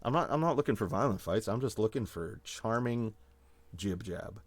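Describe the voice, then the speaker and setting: A man from Manitoba, Canada, chats as a guest, rambling through animated stories and laughing often. His voice sits low, and the recording is dry with little room sound. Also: normal speed, dry recording. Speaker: guest musician. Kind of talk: casual storytelling chat.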